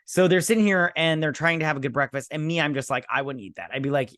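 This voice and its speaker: A man's voice: a little high, fast, a bit bright, dry recording, clean studio sound. A man hosting a casual show recap, sarcastic and rambling, often quoting characters in voices. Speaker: host.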